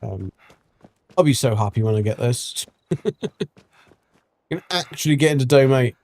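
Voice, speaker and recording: A man's voice: mid-range voice, moderate pace, a little mellow. A man giving casual, rambling gameplay commentary as a streamer, full of ums and restarts. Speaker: gaming streamer.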